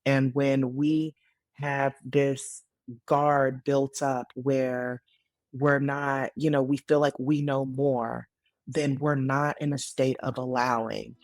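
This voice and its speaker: A woman in her late thirties, a podcast guest, telling her story in casual conversation, earnest and animated with frequent fillers. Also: rumbling low, takes it slowly, no room sound. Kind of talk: casual interview testimony.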